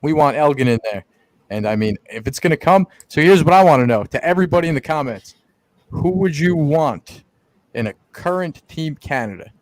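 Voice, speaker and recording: A man co-hosting a wrestling podcast, animated and teasing, quick with playful insults. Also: a little high, dry recording. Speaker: podcast co-host. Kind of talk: casual wrestling podcast chat.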